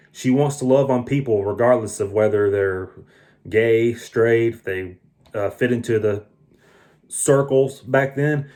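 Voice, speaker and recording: A man's voice: mid-range voice, a little mellow. A tired man delivers a casual film review in an ordinary mid-range voice. He is earnest and opinionated. He often restarts his sentences. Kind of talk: casual movie review vlog.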